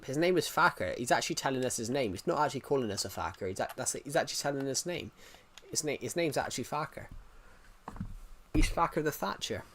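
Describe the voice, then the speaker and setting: A man's voice: mid-range voice, lively intonation, fast talker, fairly bright tone, slight background noise. A man streaming live, chatting casually, reacting to chat and rambling through restarted sentences.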